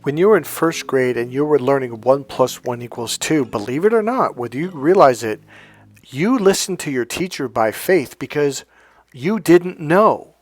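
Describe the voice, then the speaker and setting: A man giving a casual spiritual monologue as a coach, animated and self-assured, often laughing at his own points. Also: mid-range voice, moderate pace.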